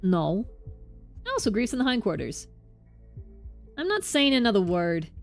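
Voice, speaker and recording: A woman's voice: mid-range voice, big pitch swings, moderate pace. Woman doing a tough new york thug guy from a game, cagey, clipped, faint music behind. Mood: wary. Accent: attempted New York accent. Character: gruff male street thug, evasive and stubborn.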